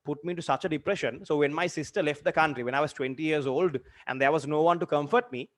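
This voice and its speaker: A young man in his twenties, a teacher telling a personal story in a lesson, earnest and halting with many fillers and repeated phrases. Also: fairly high pitch. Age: 20s. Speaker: literature teacher.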